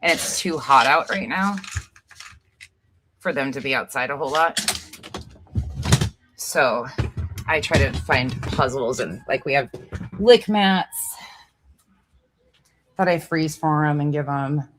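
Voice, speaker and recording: Low slow lady gushing over her big dogs at home, kinda sweary, chill vlog vibe. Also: lively intonation, music in the background. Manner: coos baby talk to her dogs; casual, swears offhandedly. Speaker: vlogger. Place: home living room with dogs.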